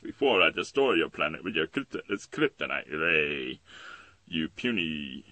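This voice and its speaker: A man voicing a smug, boastful villain genius in a slow, pompous, loud delivery. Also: extremely low pitch, very animated, dry recording, heavily acted. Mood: gloating.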